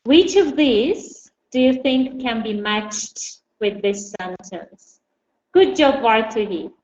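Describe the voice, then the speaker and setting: Woman, english teacher, slow deliberate pace, echoey dull recording, faint hiss. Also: a little high, expressive, a little mellow. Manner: patient, prompts students by name. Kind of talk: online language lesson. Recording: echoey, dull, lightly noisy.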